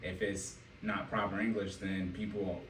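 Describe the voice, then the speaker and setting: Man, podcast host, animated, laughs a lot, lowish voice, faint background noise. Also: moderate pace. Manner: animated storyteller, laughs often. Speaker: podcast host and financial coach. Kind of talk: casual podcast chat. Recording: echoey room, mic at a distance, faint noise.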